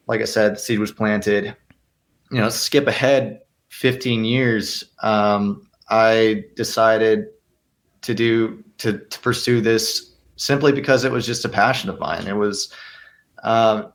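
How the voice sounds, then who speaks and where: A young man who is an actor, answering interview questions earnestly and thoughtfully, with frequent restarts. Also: on the low side. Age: young adult. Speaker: actor and guest.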